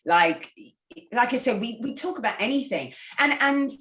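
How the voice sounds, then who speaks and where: A woman's voice: fairly high pitch, lively intonation, moderate pace, a bit bright. Candid woman reminiscing, echoey room. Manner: candid, reflective storytelling. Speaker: guest presenter. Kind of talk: casual podcast conversation.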